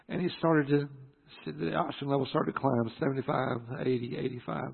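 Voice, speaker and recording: A middle-aged man telling a personal story from the pulpit, halting and earnest with many restarts. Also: mid-range voice, flat delivery, vocal fry, husky. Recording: echoey hall through a phone-like line.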